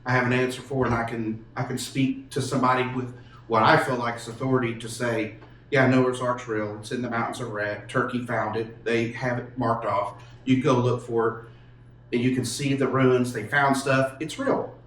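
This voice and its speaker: A man, earnestly telling a personal story with halting restarts. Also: mid-range voice, little pitch movement, fairly bright tone, a little hiss or hum. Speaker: podcast guest telling his testimony. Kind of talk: casual storytelling. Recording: echoey room, mic far off.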